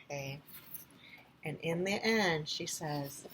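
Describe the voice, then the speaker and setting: A young woman teaching kindergarten in a gentle, sing-song manner, pausing to check in with "okay?" again and again. Her voice sits a little low for a woman, and a faint hum of room noise sits under the recording. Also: poor audio. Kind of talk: reading aloud and giving an assignment to young children.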